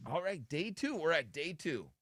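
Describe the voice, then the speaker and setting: A man's voice: a little high, very animated, moderate pace, a bit bright, no echo, clean studio sound. A man hosting a live radio show, teasing his co-hosts with crude jokes. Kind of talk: live morning radio banter.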